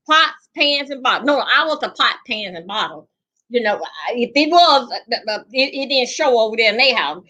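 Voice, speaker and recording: A middle-aged woman with a high, bright voice tells a funny story about her own life. She's loud and salty, hammering repeated phrases for effect.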